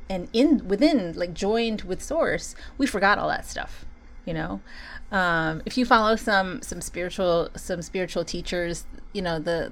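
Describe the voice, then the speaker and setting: A woman hosting a solo talk, speaking earnestly and conversationally about compassion and spiritual growth, often saying "you know" and breaking into laughter. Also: mid-range voice. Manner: many "you know" fillers.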